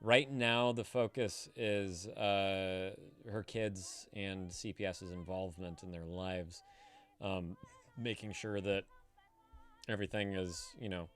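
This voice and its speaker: A man's voice: low-pitched, fairly even intonation, takes it slowly, clear, resonant tone. A man in his thirties streaming live from home, reading viewers' messages aloud and ranting about them with a lot of swearing. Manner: profane, indignant ranting.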